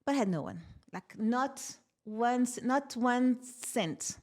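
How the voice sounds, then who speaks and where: Lively woman telling a story. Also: on the high side, slow pace. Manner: animated, laughs often while telling stories. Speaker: podcast guest, tech founder. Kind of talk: casual interview storytelling.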